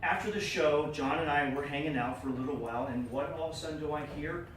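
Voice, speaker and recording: A middle-aged man tells a personal story to a club audience, with lively energy and a slightly high voice. He acts out the people in the tale. He sounds distant from the mic in an echoey room with audible room noise. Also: quick pace. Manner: animated, acts out quoted voices. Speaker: club speaker. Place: meeting room.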